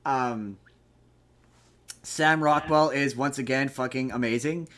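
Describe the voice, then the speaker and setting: A man's voice: mid-range voice, takes it slowly, a bit bright. A man co-hosting a podcast in casual chat, giving a rambling, profane recap of a movie plot. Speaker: podcast co-host.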